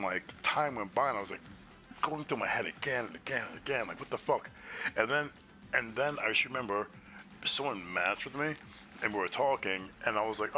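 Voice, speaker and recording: A man's voice: fairly low pitch, bright, forceful tone. A man casually telling a story on a stream, profane and exasperated, acting out both sides of the conversation. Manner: profane, exasperated retelling with quoted dialogue.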